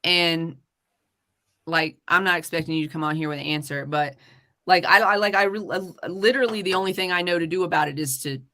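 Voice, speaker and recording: Bright-voiced woman hosting a heated stream. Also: lowish voice, fairly quick. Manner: heated, swearing rant. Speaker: podcast host. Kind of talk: live-stream talk show.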